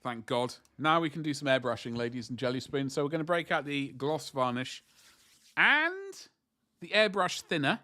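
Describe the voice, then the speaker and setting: A man's voice: medium pitch, fairly even intonation, a little fast, hardly any pauses, background noise. A man chatting casually to viewers on a livestream as he paints miniatures, rambling and joking in asides.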